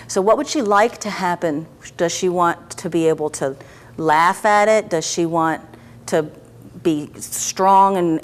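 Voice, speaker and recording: A woman practitioner guiding a client through a therapy session, asking gentle, coaxing questions and checking in often. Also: fairly low pitch. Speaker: EFT practitioner.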